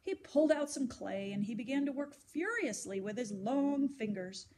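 A woman reading a children's story aloud, gentle and expressive. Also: on the high side, normal speed.

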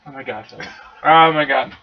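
A young man playing a co-op video game with a friend, reacting excitably with loud outbursts. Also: fairly high pitch, normal speed. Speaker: let's play co-player. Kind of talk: casual co-op gaming chat. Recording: muffled lo-fi capture.

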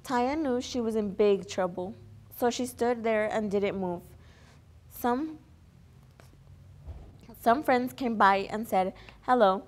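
A young woman reading a children's picture book aloud as a volunteer, earnest, with small slips and restarts. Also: a little high. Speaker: volunteer story reader.

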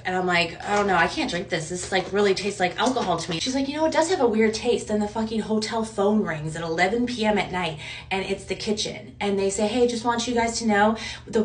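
A young woman vlogging, retelling a stressful night in an animated, rushed way and swearing. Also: medium pitch, far from the mic, slight background noise. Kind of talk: casual storytime vlog. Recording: roomy sound from off mic.

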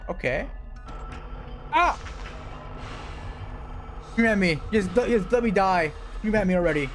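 A young man streaming a horror game, excitable and swearing, yelping and shouting whenever he gets startled. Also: high-pitched, fairly quick, loud music behind the voice. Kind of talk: live gameplay commentary.

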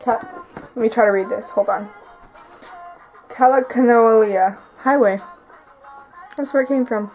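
A woman's voice: on the high side, a little slow, pauses often, a little mellow, faint music behind, low-quality recording. A teenage girl talking casually in a vlog from her bedroom, rambling and filling her talk with "like". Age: teens. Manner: chatty, rambling, heavy use of "like". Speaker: vlogger.

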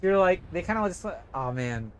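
A man's voice: high-pitched, very animated, fairly quick, slight background noise. A young man casually commentating a video game stream, rambling and swearing often.

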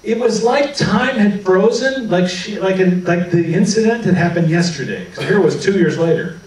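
A man's voice: high-pitched, moderate pace. A man giving a talk to an audience about his own experiences, telling stories and acting out what people said. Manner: animated storytelling, acting out quoted dialogue. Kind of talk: public talk with personal anecdotes. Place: meeting hall before an audience. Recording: echoey hall, voice from far off.

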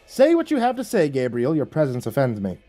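A man's voice: medium pitch, wildly swooping pitch, a little fast, mellow, faint music behind. A man doing a sneering, proud fallen angel. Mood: scornful. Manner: sneering, contemptuous. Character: proud fallen male angel, scornful and arrogant.

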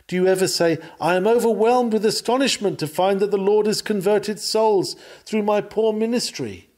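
A man's voice: mid-range voice, a little mellow. A man reading an old sermon lecture aloud, with a solemn, earnest preaching cadence.

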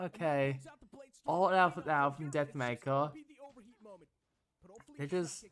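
A man streaming himself watching an esports match, commenting live and swinging into loud, exasperated rants, swearing when frustrated. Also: fairly high pitch, steady tone, slow, pauses often, clean tone.

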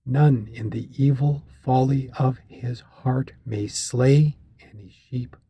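A man voicing a grave, commanding sea captain from an ancient epic, speaking slowly and solemnly in archaic phrasing for an audiobook. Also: medium pitch, fairly even intonation, warm tone, slightly rough, no room sound, heavily acted. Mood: stern command. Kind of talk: audiobook reading of a classic epic.

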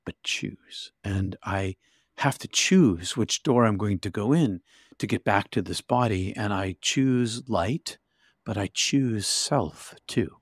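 A man's voice: on the low side, slow, breathy edge, no room sound, studio quality. A man telling a personal story vividly and intensely as an interview guest, with frequent restarts.

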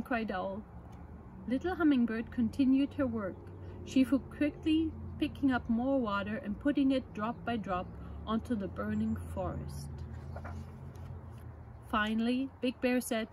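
A woman presenting children's books, reading a picture book aloud at story time in a gentle, measured way. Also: fairly high pitch, slight background noise, low-quality recording.

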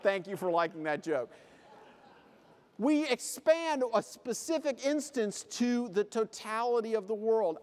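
His voice sits high, expressive and unhurried, with a darkish tone. A keynote speaker in a convention hall, he gives a comic motivational talk, acting out short scenes in funny voices, and the hall's live reverb is audible.

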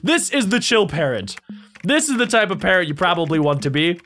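A man hosting a casual reaction video, talking in an excitable, playful way. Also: sits high, fairly quick. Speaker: YouTube reaction host.

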